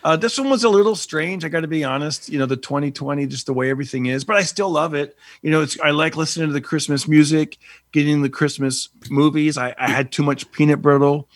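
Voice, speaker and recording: An easygoing married man co-hosting a relaxed chat, laughing often. His voice sits a little high. It is recorded dry and close. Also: fast, no echo. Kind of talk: casual chat.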